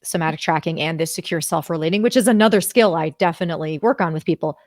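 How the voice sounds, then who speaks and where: A woman host of an interview show who reacts effusively and warmly to what her guest says, in a casual chat. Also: low-pitched, fast talker, no echo, studio quality.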